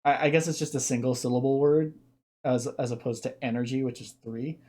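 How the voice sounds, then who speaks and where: Mellow-voiced streamer musing aloud. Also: medium pitch, steady tone, a little fast. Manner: thinking aloud, musing, explaining at length. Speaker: streamer reacting to videos. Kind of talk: casual reaction commentary.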